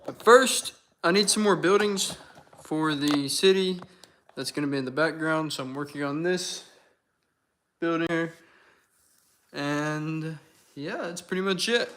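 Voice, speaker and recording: A man's voice: fairly high pitch, measured pace, long pauses, a bit bright. Chatty young man hosting a livestream. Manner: chatty, reads out and answers viewer comments. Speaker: livestream host. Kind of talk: casual livestream chat with viewers.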